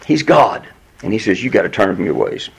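A man's voice: big pitch swings, a little fast, gravelly, slightly rough, low-quality recording. A man teaching through a Bible book verse by verse, earnest and emphatic, reading passages aloud and explaining them to a class. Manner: earnest, emphatic, rises in pitch on quoted pleas.

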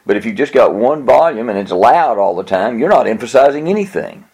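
A man's voice: mid-range voice, big pitch swings, a little fast, darkish tone, husky. A man giving an earnest, plain-spoken teaching talk on how to preach, with a chuckle now and then. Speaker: preaching instructor.

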